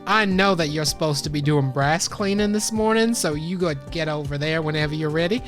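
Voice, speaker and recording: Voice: mid-range voice, fairly quick, natural voice. A game master voicing a young female truancy officer of about twenty, in a put-on Texan drawl, breezy and bossy, over faint music.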